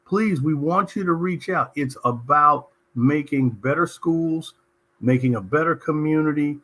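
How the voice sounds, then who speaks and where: Middle-aged host from socal, husky and punchy, tells stories, kinda high voice. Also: male voice, measured pace. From Southern California. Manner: animated and emphatic, telling anecdotes. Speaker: talk show host. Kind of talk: conversational interview storytelling.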